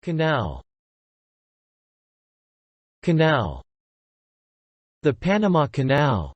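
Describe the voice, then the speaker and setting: Reading a vocabulary list for learners, a slightly breathy narrator goes very slowly and carefully, saying each word twice and following it with a short example phrase. The pitch swings hugely up and down. The recording is close and dry with no room sound, but muffled.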